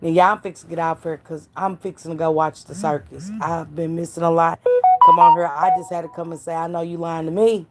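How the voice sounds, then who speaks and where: A woman's voice: deep voice, little pitch movement, fairly quick, music in the background. A woman giving blunt, profane gossip commentary to her live stream chat, preaching and calling out viewers by name.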